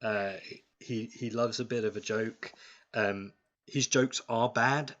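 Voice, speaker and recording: Slow, halting game master, bright voice. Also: male voice, mid-range voice, fairly even intonation. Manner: halting, many fillers and restarts. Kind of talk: narrating a tabletop game. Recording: dull lo-fi sound.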